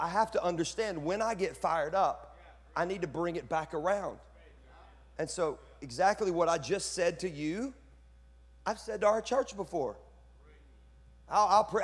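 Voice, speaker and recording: Addressing a gathering of pastors, this high-voiced man speaks at a moderate pace, cracking jokes and erupting into fiery preacherly outbursts. The recording has hall reverb.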